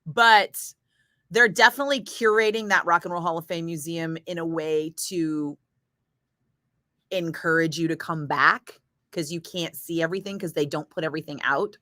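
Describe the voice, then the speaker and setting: A woman radio DJ chatting casually with viewers, telling a story in a lively, swearing style and acting out the other people's lines. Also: on the low side, normal speed, no echo, studio quality. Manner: chatty storyteller, swears freely, acts out voices. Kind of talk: casual chat.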